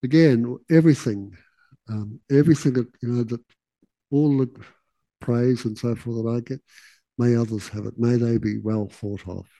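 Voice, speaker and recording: A man giving a relaxed, casual teaching talk, with laughing asides and quotes that he acts out. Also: medium pitch, moderate pace, vocal fry, no echo, rough recording.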